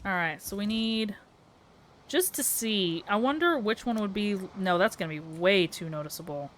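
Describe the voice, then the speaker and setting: A woman's voice: mid-range voice, lively intonation, normal speed. A young Southern woman live-streaming a building game, chatting with viewers and muttering her thoughts aloud, sleepy and giggly. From American South. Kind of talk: casual live-stream chat while building.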